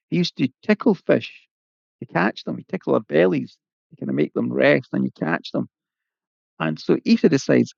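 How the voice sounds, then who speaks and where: A man tells a folk tale in a relaxed, conversational way. His voice is deeply gravelly and husky, rising and falling in a lively sing-song. The sound is dull and dry, close to the mic. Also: dry recording. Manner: lilting, conversational, folksy asides. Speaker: storyteller. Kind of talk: oral folk-tale telling.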